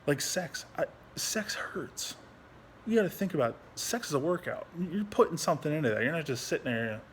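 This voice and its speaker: A young adult man, a veteran, talking candidly at home into his phone, frustrated and halting, swearing a lot and restarting his sentences. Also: fairly high pitch, very animated, slight background noise. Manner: frustrated, rambling, heavy swearing. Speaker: veteran vlogger. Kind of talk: candid personal vlog.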